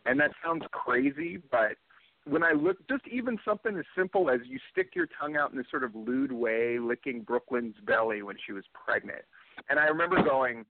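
A man's voice: medium pitch, lively intonation, normal speed, slight background noise. A middle-aged man hosting a podcast, rambling and opinionated in casual chat. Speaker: podcast host. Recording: tinny phone-like line.

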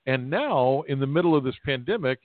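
A man's voice: medium pitch, expressive, fairly quick. A man hosting a podcast, asking questions in long, winding sentences. His voice comes through a tinny, phone-like line with a dry sound and no room echo. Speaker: podcast host. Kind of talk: podcast interview.

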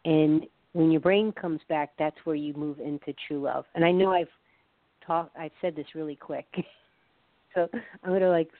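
A woman's voice: low voice, steady tone, normal speed, no room sound. Woman guest expert, chatty explainer, dry and phone-thin audio. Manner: chatty, laughs often, tells anecdotes with quoted voices. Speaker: guest expert on the science of love. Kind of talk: casual explanatory interview talk. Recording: phone-like narrow sound.

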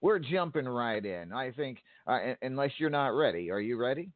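A man hosting a casual show, talking in halting starts and restarts. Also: medium pitch, sing-song, no echo. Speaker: host. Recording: dry tinny phone-like line.

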